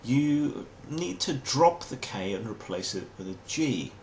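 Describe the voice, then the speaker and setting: A man's voice: medium pitch, big pitch swings, unhurried, darkish tone, slight background noise. An English man hosting a comic explainer monologue in a dry, wry, mock-formal manner. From England. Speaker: host.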